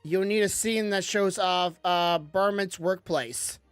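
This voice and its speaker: A woman's voice: lowish voice, slow pace, smooth, no echo, soft background music. A woman giving casual commentary while playing a game, chatty and self-mocking, stumbling as she reads the text aloud. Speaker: gaming streamer.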